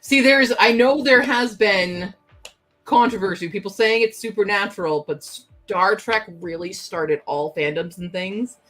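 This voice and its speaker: A woman's voice: medium pitch, measured pace, a bit bright, faint music behind. A young woman hosting a casual livestream from home, chatting and giggling as she answers her chat aloud. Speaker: livestream host.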